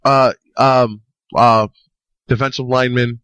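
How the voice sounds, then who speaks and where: A man's voice: mid-range voice, steady tone, slow, a bit bright, smooth, dry recording. A young man co-hosting a podcast in casual chat, rambling, swearing and joking. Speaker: podcast co-host.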